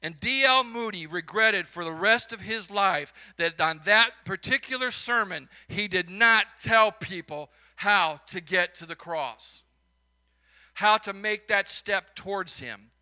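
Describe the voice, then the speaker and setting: Male minister with a Chicago accent, high-pitched and very bright, storytelling sermon with emphatic peaks and folksy asides. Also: a little slow.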